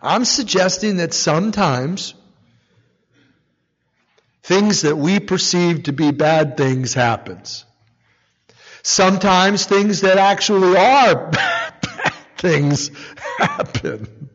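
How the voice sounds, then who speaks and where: A man's voice: sits high, very animated, takes it slowly, long pauses, a bit bright, breathy edge. A man preaching a conversational sermon who keeps checking in with the congregation by asking "right?" and chuckles now and then. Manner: asks the congregation "right?" again and again, with a light chuckle. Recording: dull, reverberant recording in a big hall.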